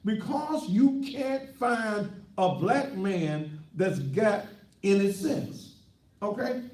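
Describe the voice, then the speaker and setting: A man's voice: sits high, expressive, very slow, a little mellow, far from the mic. A man who is a pastor hosting a call-in talk show, ranting in a brash, boastful and mocking way. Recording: echoey room, voice from off the mic.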